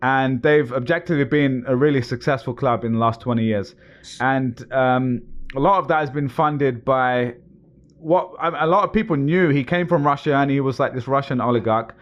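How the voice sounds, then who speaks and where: A man's voice: medium pitch, normal speed, highs cut off. A man co-hosting a podcast, chatting casually and explaining at length in loose sentences, often laughing. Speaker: podcast co-host. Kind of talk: casual chat.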